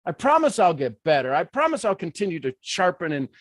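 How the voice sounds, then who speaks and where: A man from Ohio giving a motivational talk in an animated, folksy way with playful asides. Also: sits high, fairly quick, no echo, clean studio sound. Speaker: motivational speaker.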